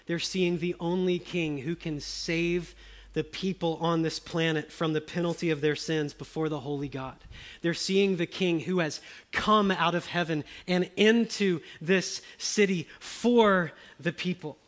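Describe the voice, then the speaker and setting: Male preacher, somewhat higher voice, emphatic sermon delivery with repeated phrases. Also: fairly even intonation, a little slow. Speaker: pastor.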